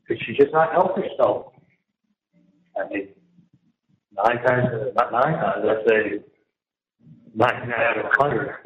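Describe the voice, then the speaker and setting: A man on a jail phone call, talking in a rambling, halting way that keeps restarting and repeating words. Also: medium pitch. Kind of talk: casual phone conversation. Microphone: phone handset. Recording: tinny, echoey prison phone line.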